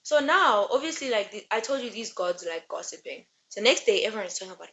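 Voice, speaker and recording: A young woman giving a casual book recap and rant, chatty and rambling with animated asides. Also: medium pitch, brisk, few pauses, dull audio. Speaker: book reviewer.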